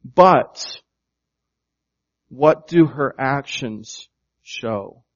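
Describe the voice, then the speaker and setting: On a muffled recording, a male pastor delivers a very slow, expressive sermon at medium pitch. He stresses words by raising and lowering his volume, speaks emphatically, and frequently asks the congregation questions.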